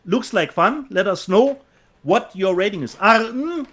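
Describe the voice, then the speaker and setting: A man's voice: sits high, expressive, unhurried, fairly bright tone. A man with a German accent co-hosting a casual chat show, reading out viewer comments and laughing often. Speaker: co-host.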